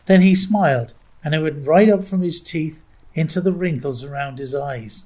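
A woman narrating a children's story aloud in a lively, expressive way. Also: low voice, normal speed. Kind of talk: storybook reading.

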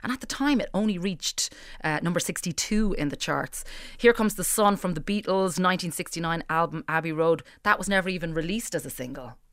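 A woman's voice: on the low side, brisk, dry recording. Upbeat woman hosting radio. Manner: chatty and upbeat, reading out listener texts. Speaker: radio show host. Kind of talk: casual radio chat. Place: radio studio.

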